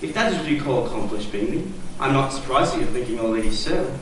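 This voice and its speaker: A young actor in a stage play playing a proud, aloof gentleman with a stiff, disdainful manner, heard from far off in a noisy, echoey hall. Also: mid-range voice, animated, fast, lightly acted.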